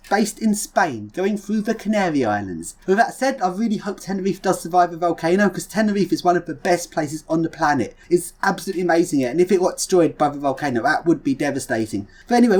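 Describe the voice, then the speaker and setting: A woman talking quickly in a casual vlog, her pitch bouncing up and down as she rambles. She sounds eager and chatty, her voice sitting on the lower side. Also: a little mellow. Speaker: video creator recruiting helpers.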